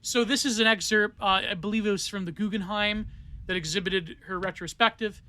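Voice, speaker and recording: A man's voice: high voice, fairly quick, pushed and bright. A man hosting a solo podcast, rambling through art theory with many fillers and restarts. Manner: rambling, digressive, many fillers and self-corrections. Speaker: podcast host.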